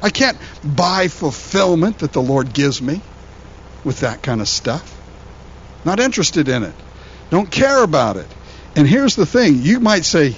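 A man who is a pastor, preaching a sermon in an animated, conversational way, often repeating words as he goes. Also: fairly high pitch, measured pace, dull audio, a little hiss or hum.

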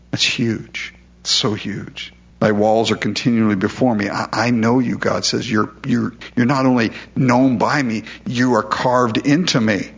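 A man's voice: on the low side, vocal fry, breathy edge, lo-fi sound. A man preaching a sermon, reading scripture aloud and explaining it in a conversational way, sometimes voicing God and his listeners. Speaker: pastor.

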